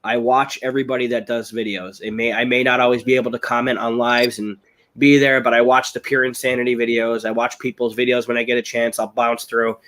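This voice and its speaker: An American man at an ordinary pitch chats on a live webcam stream while a little unwell. He tells long stories in a rambling, excitable way and gets loud when the story heats up. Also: brisk. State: ill, voice strained. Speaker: guest, chili-eating champion. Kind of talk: casual live-stream chat. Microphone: webcam on a live video call.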